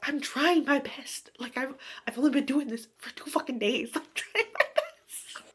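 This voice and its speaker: A woman voicing an earnest young woman who is learning witchcraft, in a high, exasperated voice. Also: lively intonation, moderate pace, a little hiss or hum.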